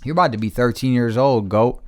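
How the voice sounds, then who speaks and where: A man hosting a casual podcast chat, swearing freely and swinging between quiet reflection and loud ranting. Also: medium pitch, brisk, no room sound. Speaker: podcast host.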